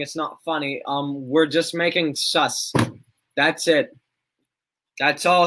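A man's voice: a little high, fairly even intonation, slow, long pauses, background noise. A young man chatting casually on a livestream, rambling, laughing often and reacting to chat.

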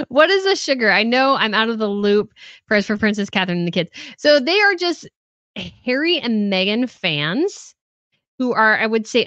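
A woman's voice: medium pitch, fairly bright tone, dry recording, lo-fi sound. Chatty woman hosting a live stream. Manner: chatty, laughs often, reads out comments then answers. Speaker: host of a royal news channel. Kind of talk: casual live stream chat reading viewer comments.

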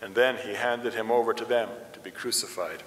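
Pastor reading scripture in an echoey church. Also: male voice, fairly low pitch, fairly quick. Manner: steady, even-paced reading. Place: church sanctuary.

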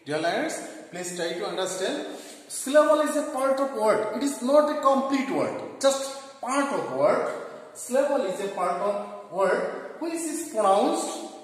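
A man with a Bangladeshi English accent teaching an online English lesson, repeating terms slowly with many fillers in a classroom with a board. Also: extremely high pitch, sing-song. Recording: very echoey classroom, long reverb.

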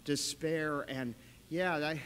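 High, bright-voiced preacher in a reverberant church. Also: male voice, very slow, a little hiss or hum. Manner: animated storytelling with sudden loud bursts. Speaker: pastor. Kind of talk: sermon. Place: church sanctuary.

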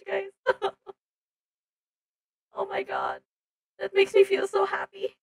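Young woman, live streamer, high and slow, giggles a lot, dry close sound. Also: wildly swooping pitch, vocal fry, no room sound. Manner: giggly, laughs between lines. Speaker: virtual streamer.

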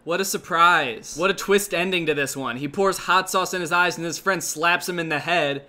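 A young man giving sarcastic reaction commentary on online videos, mostly deadpan and now and then breaking into outbursts. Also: fairly high pitch, normal speed. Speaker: commentary YouTuber.

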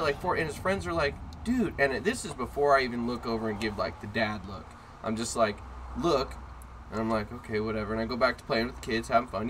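A man with a bright, forceful voice tells a story in a casual, profane, sarcastic way. He keeps the telling animated and punchy. A faint hum of background noise sits behind him. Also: mid-range voice. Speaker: podcast host. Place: in a car.

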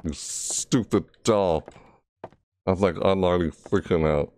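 A man's voice: low voice, a little slow, darkish tone, clean tone, dry recording. A man giving live horror game commentary through a VR headset, jumpy and frustrated, often breaking into panicked yelps and shrieks. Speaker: gameplay commentator.

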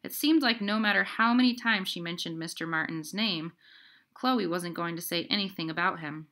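A woman reading a novel aloud in an even storybook manner, narrating the scenes. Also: lowish voice, normal speed. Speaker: audiobook reader. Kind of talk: scripted narration.

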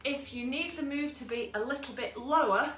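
A woman fitness instructor with a high, bright voice leads an online workout, counting down and cheering people on. She is recorded from a distance in an echoey room at home. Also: moderate pace, slight background noise. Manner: encouraging cues and countdowns with asides. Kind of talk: online exercise class instruction. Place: room at home, with a dog nearby.

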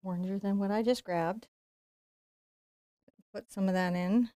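A woman teaching a live-streamed painting lesson, chatty and playful, going quiet while she concentrates. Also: medium pitch, fairly even intonation, a little slow, dry recording, studio quality. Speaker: painting instructor.

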